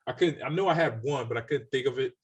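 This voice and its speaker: A man in his forties co-hosting a casual sports podcast, telling relaxed stories from his playing days. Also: medium pitch, quick pace, husky. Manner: relaxed storyteller, quotes coaches, laughs easily. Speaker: podcast co-host, former NFL running back.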